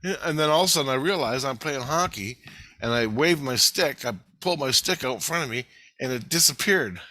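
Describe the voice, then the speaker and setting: A man telling a rambling, profane story in casual vlog style, getting excited as he goes. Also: mid-range voice, a little fast, dry recording. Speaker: vlogger.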